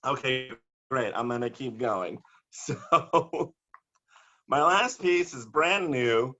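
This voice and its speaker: A man performing bawdy comic poetry over a video call, theatrical and given to shouted punchlines. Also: medium pitch, animated, takes it slowly, muffled recording. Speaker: poet.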